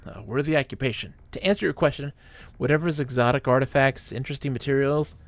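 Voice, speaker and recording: Man reading a sly corporate informant, gravelly, conspiratorial, game dialogue. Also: medium pitch, quick pace, no echo, close to an everyday voice. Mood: scheming. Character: scheming male corporate informant.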